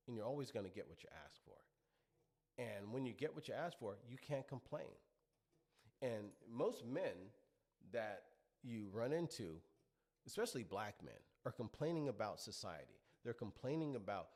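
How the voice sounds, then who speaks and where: A man's voice: mid-range voice, very animated, normal speed, darkish tone. A middle-aged man delivering an opinionated monologue, lecturing his listeners and piling up rhetorical questions. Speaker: commentary show host.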